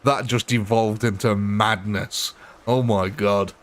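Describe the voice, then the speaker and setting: A man's voice: on the low side, steady tone, takes it slowly. Rambling, self-mocking male game streamer. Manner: rambling and self-mocking, prone to laughing at himself. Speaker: gaming livestream host. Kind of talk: casual live commentary chatting with viewers.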